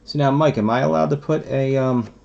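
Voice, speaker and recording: A man's voice: mid-range voice, a little fast, creaky, a little mellow, highs cut off, slight background noise. A man hosting a trading card box break, chatting casually and musing aloud as he opens packs. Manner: chatty, musing asides while opening packs.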